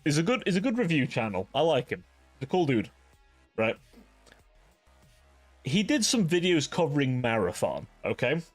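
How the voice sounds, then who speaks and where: A man's voice: a little high, very animated, moderate pace, pauses often, faint music behind. A man hosting a livestream, chatting casually with viewers in a rambling, profane way, filling his talk with "like". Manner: rambling, profane, ranting, heavy use of "like". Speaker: livestream host.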